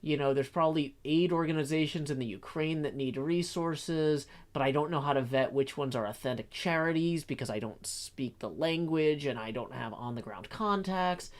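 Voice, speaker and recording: A man's voice: fairly high pitch, normal speed, hardly any pauses. A middle-aged man chatting casually on a stream, rambling with frequent restarts and fillers. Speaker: streamer and host. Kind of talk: casual chat.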